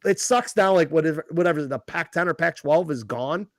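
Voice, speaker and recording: A man with a somewhat high voice chats on a podcast, rambling and profane as he gets heated over the topic. The sound is close and dry, with no room around it. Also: a little fast, no room sound. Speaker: podcast co-host. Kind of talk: casual chat.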